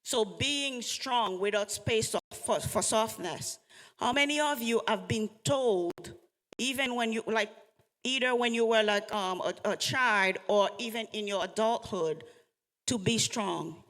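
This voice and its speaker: Woman speaker, unhurried, earnest, questions the audience, reverberant event hall. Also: fairly high pitch, fairly bright tone. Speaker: speaker giving a talk on trauma. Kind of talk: motivational talk to a live audience.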